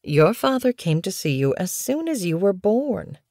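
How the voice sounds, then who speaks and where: A woman voicing a gentle, patient mother cat in an audiobook. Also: medium pitch, very animated, unhurried, no room sound, clean studio sound, pitched above the performer's own voice. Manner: soothing, patient, firm. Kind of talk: audiobook character voice.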